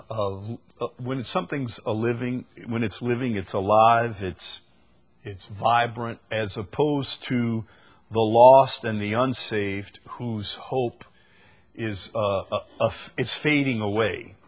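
A male pastor preaching a sermon, teaching from the Bible in an unhurried way and repeating key phrases for emphasis. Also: mid-range voice, fairly even intonation.

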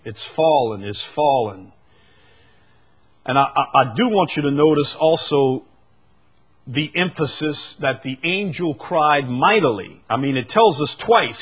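A man preaching a sermon, dropping to quiet low asides and then rising into loud, drawn-out proclamations, repeating phrases for emphasis. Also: breathy edge. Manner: repeats phrases for emphasis and reads scripture aloud.

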